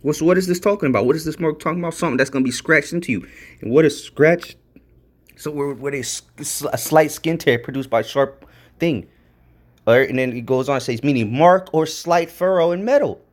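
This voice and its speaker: A religious video commentator with a slightly high voice moves at a quick pace through informal, wandering Bible study commentary. He circles back to the same points, checks in with "all right?" again and again, and gets excited and emphatic reading out word definitions.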